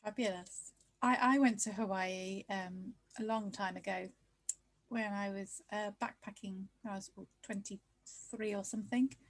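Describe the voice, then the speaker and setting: A woman co-hosting a casual chat, with relaxed asides and short replies. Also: mid-range voice, unhurried, low-quality recording. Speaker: co-host.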